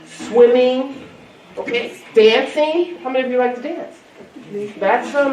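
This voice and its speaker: A woman's voice: a little high, dull audio. Coaxing woman speaker in an echoey hall. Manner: lively, coaxing, quizzes the crowd. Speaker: keynote speaker. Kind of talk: interactive talk to a youth audience. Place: large hall with an audience. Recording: echoey hall from far off, crowd.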